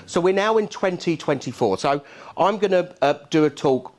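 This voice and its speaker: A man's voice: a little high, expressive, normal speed, darkish tone. A middle-aged man with a Cockney accent giving a keynote speech at a conference. He talks in a punchy, rhetorical way and keeps checking in with the crowd. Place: conference hall.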